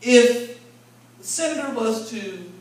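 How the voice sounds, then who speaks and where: A man's voice: very high voice, animated, takes it slowly. A man, a bishop, teaching in a conversational sermon with folksy, vernacular speech and call-and-response with the congregation, recorded from far off in an echoing hall. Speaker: bishop, preacher. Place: large church convention hall. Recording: echoey hall from far off, faint room noise.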